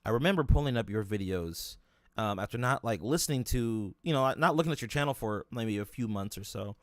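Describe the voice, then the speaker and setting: A man's voice: lowish voice, lively intonation, a little fast, dry recording, studio quality. A young man hosting an interview, talking in a rambling casual way with many restarts and fillers. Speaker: podcast host interviewing a guest.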